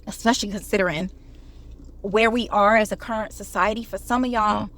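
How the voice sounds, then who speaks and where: A woman's voice: mid-range voice, fairly even intonation, brisk, fairly bright tone. A woman giving a casual motivational talk, preachy and conversational, quoting scripture and addressing her viewers directly. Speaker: online commentator.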